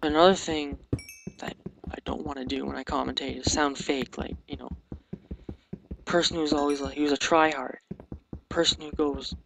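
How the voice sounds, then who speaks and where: Mumbly teen guy commentating a game, gravelly and a bit high, noisy home mic, hesitant delivery. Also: steady tone, normal speed, long pauses. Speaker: let's play commentator. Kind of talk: casual gameplay commentary. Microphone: sensitive desk microphone.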